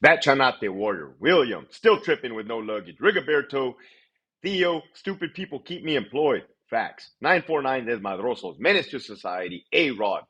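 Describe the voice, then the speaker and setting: A man hosting a casual livestream, blunt and profane, rattling through shout-outs in a quick list. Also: medium pitch, animated, husky, highs cut off. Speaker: livestream host.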